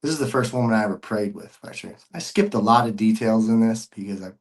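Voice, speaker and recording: A man's voice: fairly low pitch, fast. Earnest slangy man giving testimony. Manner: earnest, emotional, repeats himself, slangy. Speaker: podcast guest. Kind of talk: personal testimony, casual chat.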